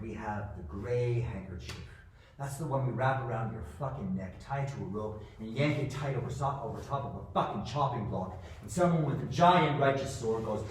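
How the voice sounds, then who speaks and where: A man delivering a profane, menacing ranting monologue, muttering low and breaking into shouts, recorded in a room. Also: animated, normal speed. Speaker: manifesto author. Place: indoor room. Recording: echoey room, distant mic, faint noise.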